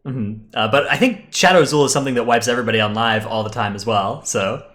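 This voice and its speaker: A man's voice: medium pitch, fast talker, a bit bright. A man co-hosting a live-streamed gaming podcast in casual chat, talking easily with many fillers and restarts. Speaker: podcast co-host.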